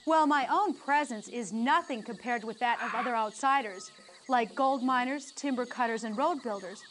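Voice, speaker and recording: Brief: woman voicing earnest female anthropologist, game character, calm and measured, high voice, faint hiss behind. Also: lightly acted. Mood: informative.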